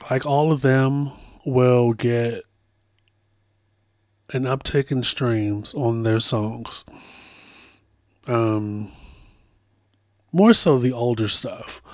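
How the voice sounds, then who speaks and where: A man hosts a pop culture podcast in an unhurried, drawn-out delivery. His voice sits in a middle register, and he colors his stories with playful impressions. The sound is dry and close. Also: mid-range voice, no echo. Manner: animated storytelling with playful impressions. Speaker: podcast host. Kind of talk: casual pop culture commentary.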